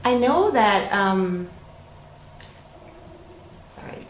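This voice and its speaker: A woman's voice: medium pitch, very animated, extremely slow, roomy sound, slight background noise, low-quality recording. A woman co-hosting a podcast, chatting with enthusiasm about her knitting and often trailing off. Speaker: podcast co-host. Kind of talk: casual chat about knitting.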